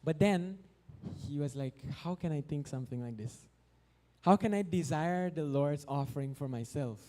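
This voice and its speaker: At a temple festival in a temple hall, a devotional speaker from Guyana gives a storytelling sermon at a moderate pace. His voice is a little high yet mellow and soft-edged. An animated storyteller, he acts out the characters' voices and breaks into chanted, sung verses.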